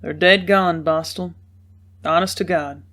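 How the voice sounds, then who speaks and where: A woman's voice: on the low side, steady tone, unhurried, fairly bright tone. A woman reading aloud, voicing a weary, tight-lipped young male rider who speaks sternly.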